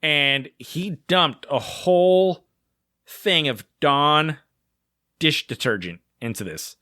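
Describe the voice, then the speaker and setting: A man's voice: on the high side, expressive, slow, bright, forceful tone, no echo, clean studio sound. A man in his thirties, a podcast co-host telling a long story in a casual, rambling way, full of "like" fillers and acted-out quotes. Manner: rambling, many "like" fillers, acts out quoted voices.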